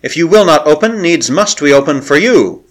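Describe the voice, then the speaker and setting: A man's voice: on the high side, animated, normal speed, voice pushed up, natural voice. A man reading aloud and voicing a haughty, cruel priestess woman who jeers and commands. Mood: triumphant. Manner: jeering, commanding.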